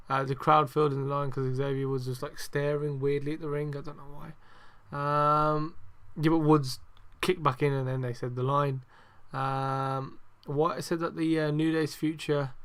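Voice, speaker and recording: A young man talks through a casual podcast review with a slightly high voice. He swears freely, rambles with plenty of fillers, and rants in frustration. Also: a bit bright. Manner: sweary, ranting, heavy on fillers. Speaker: podcast host.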